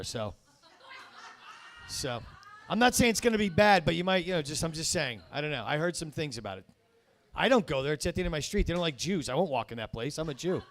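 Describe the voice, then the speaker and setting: A man's voice: fairly high pitch, fairly bright tone. A man hosting a stand-up comedy show, rambling and cracking wise, often cutting himself off mid-sentence. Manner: rambling, self-interrupting wisecracks. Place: comedy club stage.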